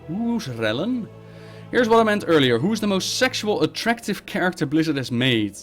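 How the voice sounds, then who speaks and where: A male streamer runs a casual live Q&A, reading questions from chat and answering them with short, blunt replies. His voice sits a touch high for a man and swings widely in pitch. Soft music plays faintly underneath. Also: big pitch swings. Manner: reads viewer questions aloud, then answers bluntly and briskly.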